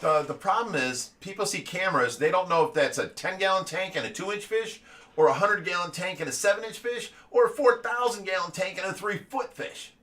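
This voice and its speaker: A man's voice: high-pitched, fairly quick, fairly bright tone. A middle-aged man hosting a casual livestream chat, a rambling storyteller who fills his talk with "you know". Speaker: host of a fish rescue livestream. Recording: voice a little far from the mic.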